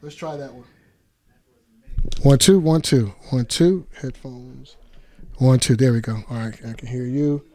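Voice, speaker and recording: A man's voice: medium pitch, a little slow, long pauses, a little mellow. A man working as a radio DJ and producer, coaching a guest through station drops in a studio with teasing, hype-man energy. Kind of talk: studio session directing a guest.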